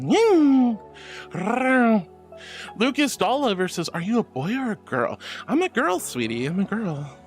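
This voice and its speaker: A woman streaming live, chatting with her viewers in a bubbly, affectionate way. She calls them sweetie and honey, giggles often, and has a voice that is a bit deep for a woman. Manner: giggly, playful asides. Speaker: VTuber streamer. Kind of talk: livestream chat with viewers.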